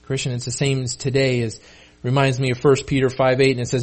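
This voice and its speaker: A man's voice: medium pitch, completely flat delivery, fast. A male pastor delivering a sermon in a casual, conversational way, often repeating and restarting words.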